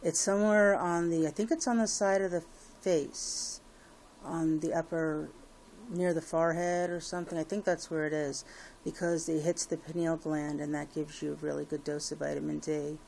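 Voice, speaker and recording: Low, flat, gravelly-voiced woman vlogging. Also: moderate pace, slight background noise. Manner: rambling, full of fillers and restarts. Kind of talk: casual personal update to viewers.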